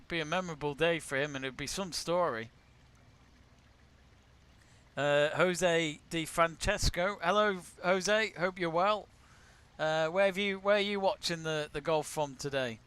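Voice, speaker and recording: A man from England runs a live golf watch-along, greeting viewers by name and reading out their comments between shots. His voice is bright and crisp, and sits a little higher than most men's. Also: unhurried. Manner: chatty, greets viewers and reads out their messages. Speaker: watch-along stream host.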